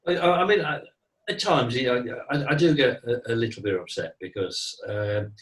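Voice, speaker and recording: A man's voice: mid-range voice, expressive, normal speed, recorded from a distance, rough recording. A middle-aged man who teaches mediumship, talking earnestly in a casual interview, repeating himself and saying "you know" a lot.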